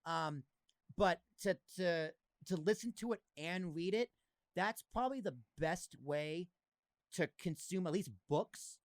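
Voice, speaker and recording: Guy in his 30s hosting a podcast, kinda high voice, bouncy and rambly, dry sound. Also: unhurried, dry recording. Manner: animated, swearing, lots of fillers like "like". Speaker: podcast host. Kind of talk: casual chat.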